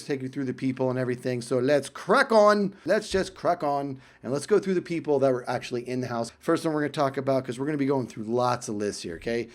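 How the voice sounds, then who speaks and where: Man, casual vlog storytelling, animated, chatty asides, mid-pitched voice. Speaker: YouTuber telling a story.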